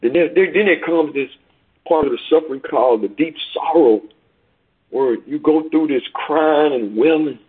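A man preaching a sermon over a call, rising and falling in pitch and volume and repeating phrases for emphasis. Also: moderate pace, slightly rough. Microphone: phone call. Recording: tinny phone line.

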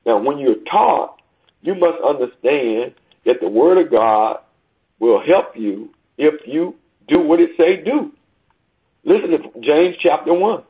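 A man with a very husky, rough voice delivers a rhythmic sermon, reading scripture aloud and pausing to ask rhetorical questions. The sound is thin and phone-like, as if heard on a call into the church service. His pitch sits in a middling range for a man. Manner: reads scripture aloud in old-fashioned wording. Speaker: preacher. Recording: tinny phone line.

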